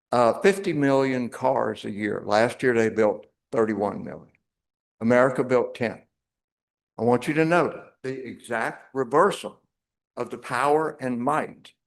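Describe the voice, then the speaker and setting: Emphatic man giving a talk. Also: mid-range voice. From North Carolina, US. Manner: emphatic, wry, repeats for effect. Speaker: speaker. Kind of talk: public talk.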